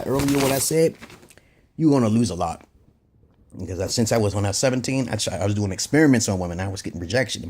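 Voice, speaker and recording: A man giving blunt, profane dating advice in a casual vlog monologue, brash and animated. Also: breathy edge. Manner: swings from loud and high to low and muttered. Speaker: self-styled dating advisor.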